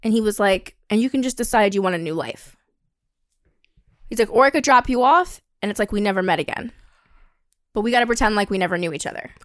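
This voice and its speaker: A young woman casually telling a dating story on a podcast, acting out the voices with lively quotes and the occasional swear. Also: fast, long pauses, no echo, clean studio sound. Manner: animated, acts out quotes with a higher pitch, swears, laughs.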